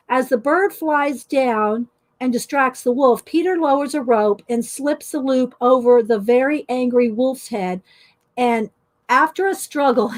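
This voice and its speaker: Woman, fairly high voice, chatty, laughs often, reads stories aloud with expression, at home. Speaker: art journaling video host. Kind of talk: casual chat, reading aloud.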